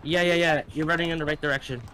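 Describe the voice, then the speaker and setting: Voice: medium pitch, fairly even intonation, quick pace, bright, forceful tone, slight background noise, poor audio. A teammate on voice chat, giving brief, hesitant replies during a game.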